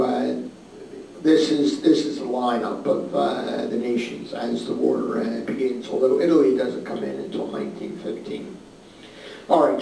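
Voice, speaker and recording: A man's voice: medium pitch, gravelly, dark tone. A man giving a history lecture to a class in a casual way, with many fillers, pointing at a map as he speaks. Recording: far-off mic in an echoey room with faint noise.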